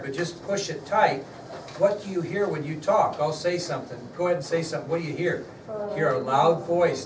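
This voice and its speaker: A middle-aged man teaching a class, chatting directly with his students as he recounts a story. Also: fairly high pitch. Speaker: history teacher. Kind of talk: classroom lecture with a personal story. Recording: echoey classroom from far off, noisy.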